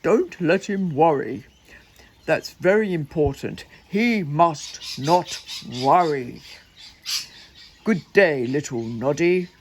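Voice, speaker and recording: A man's voice: fairly high pitch, animated, takes it slowly, background noise. A woman reading the part of a tall, grand teddy bear doctor who gives firm, solemn orders.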